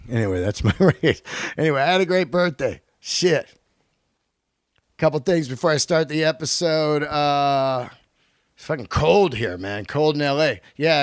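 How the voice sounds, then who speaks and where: A male podcast host delivering a profane, animated comedic rant on his own. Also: medium pitch, clean tone, no room sound, clean studio sound. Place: lives in Los Angeles.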